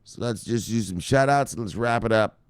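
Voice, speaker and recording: A man's voice: medium pitch, brisk, clear, resonant tone, no echo, clean studio sound. A man hosting a crypto news channel, talking in a playful, hyped, casual way with lots of laughter. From Miami Beach, Florida. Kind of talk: casual video commentary.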